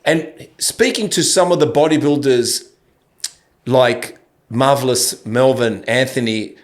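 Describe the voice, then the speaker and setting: A man in his fifties with an Australian accent, hosting a podcast interview in a loose, rambling way with many restarts. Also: mid-range voice. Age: 50s. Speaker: podcast host. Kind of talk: casual interview chat.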